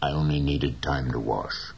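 A man voicing a gentle, dignified old fisherman in an audiobook reading, slow and measured. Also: extremely low pitch, gravelly, slightly rough, exaggerated voice.

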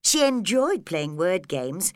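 Slow, expressive woman reading a storybook. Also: on the low side, no room sound, studio quality. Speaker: narrator. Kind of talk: storybook narration.

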